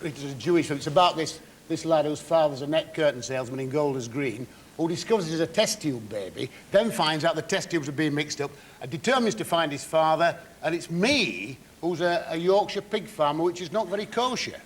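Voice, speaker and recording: A man's voice: fairly high pitch, lively intonation, a little fast, hardly any pauses. A man with a Northern English accent, a chat show guest telling anecdotes in a dry, blunt way. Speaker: actor guest. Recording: faint hiss on an old TV recording.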